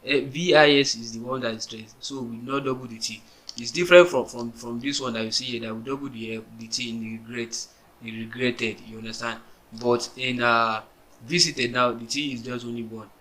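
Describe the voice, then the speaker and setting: Bright-voiced man teaching spelling rules. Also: mid-range voice, fairly even intonation, brisk, poor audio. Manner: spells words letter by letter, restarts often, asks "you understand?". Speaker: English teacher. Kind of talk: explaining grammar on a whiteboard.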